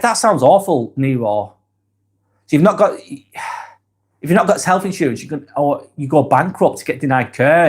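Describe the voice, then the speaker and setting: A man hosting a live stream, reading viewers' comments aloud and chatting back in a relaxed, easygoing way. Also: a little high, breathy edge. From England. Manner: laid-back, chatty, trails off softly at phrase ends.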